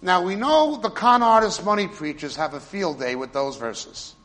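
A man preaching a sermon, explaining Hebrew and Greek words with emphatic stresses and quiet asides. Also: sits high, lively intonation, normal speed, big-room sound. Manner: swings between loud stresses and quiet asides.

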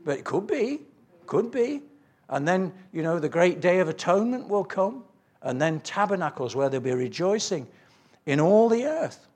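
Husky, animated high-voiced male preacher. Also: moderate pace. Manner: earnest, storytelling with quoted dialogue and scripture reading. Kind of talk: sermon.

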